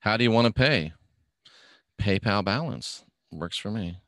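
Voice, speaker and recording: A man's voice: fairly low pitch, expressive, a little slow, a bit bright, no room sound. Offhand, rambling middle-aged man, dry sound. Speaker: livestream host reading viewer comments. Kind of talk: casual live-stream chat.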